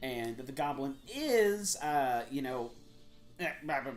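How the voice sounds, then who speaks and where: A man's voice: medium pitch, animated, a little slow, roomy sound. A man playing a tabletop game, talking brashly with swearing and laughter. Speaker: player.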